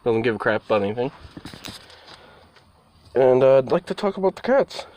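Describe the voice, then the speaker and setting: A man's voice: medium pitch, sing-song, moderate pace, a little mellow. A man giving a casual vlog update, rambling and talking to his cats, with the odd mild swear word. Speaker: vlogger. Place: indoors near a door, partly outside.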